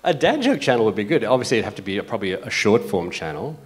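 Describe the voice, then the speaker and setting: A man's voice: fairly low pitch, sing-song, fast talker. A man giving a motivational keynote as an agency founder, telling stories in a conversational way, full of "like" and "right?". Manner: conversational storytelling with frequent "like" and "right?". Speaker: conference speaker and agency founder.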